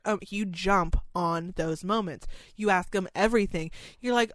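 A woman's voice: on the low side, normal speed, hardly any pauses, no echo. Candid, rambling woman with a dry voice. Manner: rambling, candid, swears freely. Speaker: memory care worker. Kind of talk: casual podcast chat.

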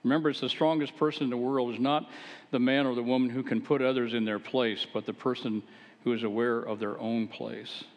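A man's voice: mid-range voice, fairly even intonation, brisk, muffled recording. A man, a pastor, preaching a sermon, earnest and at times emphatic as he exhorts his listeners. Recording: long hall reverb.

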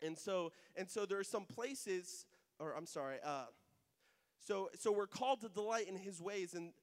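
High-voiced earnest male preacher. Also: normal speed, long reverb tail. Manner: earnest, speaks straight to the congregation. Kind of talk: sermon. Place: church.

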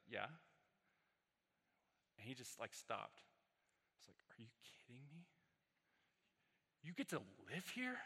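A man preaching a sermon as pastor, telling stories in a loose conversational way that rises into animated peaks. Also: medium pitch. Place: church sanctuary. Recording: reverberant hall.

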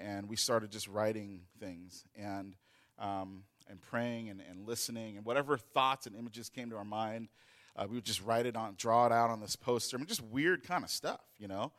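A man's voice: on the low side, fairly bright tone. A man telling a personal story in a loose, rambling way, with many fillers and restarts. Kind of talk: casual storytelling.

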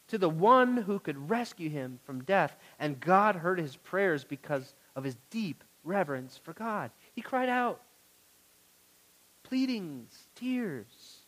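A male pastor preaches to his congregation, shifting from quiet, intimate words to loud pleading and questions put to the room. His high voice is expressive and unhurried, though the recording is rough.

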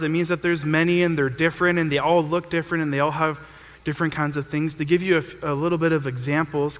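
A man's voice: mid-range voice, a bit bright. Young man preaching in a reverberant hall. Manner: conversational, uses everyday examples. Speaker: pastor. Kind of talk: sermon.

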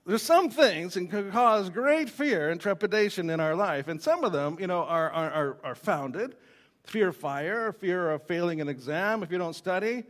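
A man's voice: sits high, animated, moderate pace, a bit bright. Joking man preaching a sermon. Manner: joking, storytelling, many fillers. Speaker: pastor.

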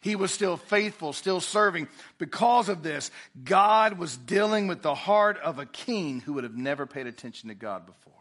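Bright-voiced preacher man. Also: high-pitched, animated, normal speed. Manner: preaching with rising and falling intensity. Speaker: pastor. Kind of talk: sermon.

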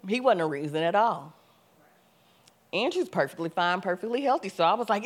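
A young adult woman giving a church testimony, telling her story with animation, acting out her own past words and rising to loud, emphatic preaching. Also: mid-range voice, very animated, a little fast, breathy edge.

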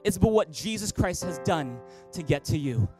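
A man's voice: sits high, animated, normal speed, music in the background. A man preaching as a pastor in a church, passionate and driving his points home with repeated rhetorical questions. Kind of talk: sermon.

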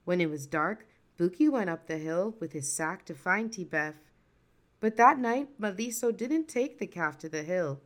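A woman narrating a folktale in a lively, expressive storytelling voice. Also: on the low side, moderate pace.

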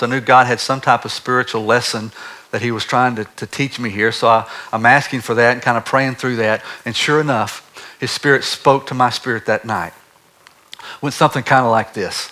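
Preacher guy telling a story, bright clear tone, gets real lively. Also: medium pitch. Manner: animated storyteller, drops to a hushed voice for God's words. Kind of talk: sermon storytelling.

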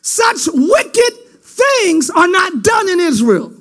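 A male preacher voicing a young woman who loudly pleads with her brother, in his own high voice. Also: sing-song, slow pace, heavily acted. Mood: pleading. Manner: loud, pleading and shouted.

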